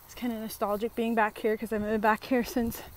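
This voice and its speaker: Chatty woman vlogging outdoors, slightly high voice. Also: little pitch movement, fast, slight background noise. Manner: chatty, rambling, lots of fillers. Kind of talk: casual chatty vlog. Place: outdoors at a park fitness trail.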